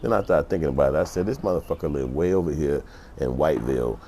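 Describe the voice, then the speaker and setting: Deep gravelly dude vlogging, blunt and cussing a lot, faint noise behind. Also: male voice, lively intonation, quick pace, dark tone. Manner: profane, blunt, acts out other people's voices. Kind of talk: casual storytelling commentary.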